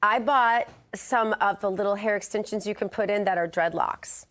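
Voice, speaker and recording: A woman's voice: medium pitch, moderate pace, fairly bright tone. A woman co-hosting a morning show, chatting loosely and rambling. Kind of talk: casual studio banter.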